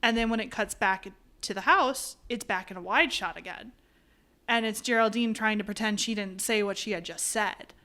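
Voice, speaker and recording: A woman co-hosting a podcast who talks things through thoughtfully, backing up to explain film history and camera choices. Her voice is smooth and clear, at a middle pitch. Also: normal speed, sharp tone. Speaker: podcast co-host. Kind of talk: casual chat.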